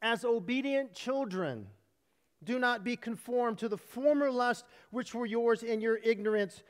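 A man preaching a sermon as pastor, animated and humorous, acting out voices in his storytelling. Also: very high voice, measured pace, in a large hall. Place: church sanctuary.

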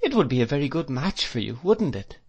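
A male audiobook reader voicing a gentle, anxious young mother with a tender, fluttering manner. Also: medium pitch, very animated, brisk, breathy edge. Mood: teasing. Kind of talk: audiobook character reading.

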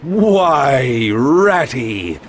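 Narrator doing a grumbly old badger, storybook voice, deep and slow, lively rises and falls. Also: a little hiss or hum. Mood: welcoming. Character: gruff kindly old male badger, sleepy host.

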